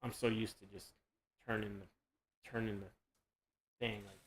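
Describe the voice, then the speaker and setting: A man casually explaining his sculpting process during a live demonstration, relaxed and rambling as he works. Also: lowish voice, moderate pace, pauses often, low-quality recording. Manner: relaxed, rambling, self-correcting.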